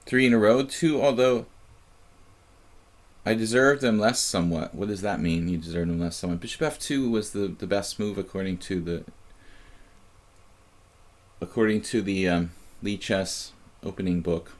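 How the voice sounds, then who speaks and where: Low-voiced man musing over live chess. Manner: musing, halting, many fillers and restarts. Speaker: chess streamer and commentator. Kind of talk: live game commentary, thinking aloud.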